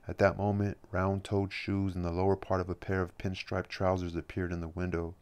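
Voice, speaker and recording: A man reading a novel aloud as an audiobook, measured and steady with occasional restarts. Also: low voice, clean tone. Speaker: audiobook reader.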